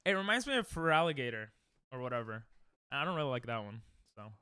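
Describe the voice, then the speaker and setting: A man's voice: mid-range voice, very animated, fairly quick, pushed and bright, clear, resonant tone, dry recording, clean studio sound. A young man casually chatting with viewers during a livestream, rambling and self-deprecating, often restarting his sentences. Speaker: streamer. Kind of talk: casual livestream chat while speedrunning.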